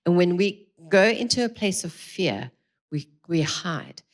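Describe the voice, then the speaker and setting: A woman's voice: lowish voice, lively intonation, a little slow. A middle-aged woman giving an earnest, encouraging talk to a live audience at a church parenting evening, speaking into a mic through a PA. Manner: earnest, encouraging, addresses the room directly. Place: large room with a live audience.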